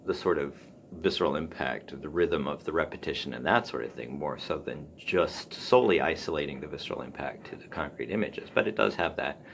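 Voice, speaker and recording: A man hosting a solo podcast, musing aloud about writing in a halting way, full of ums and restarts. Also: a bass voice, gravelly, fairly bright tone, slight background noise. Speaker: podcast host. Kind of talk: casual solo talk on writing.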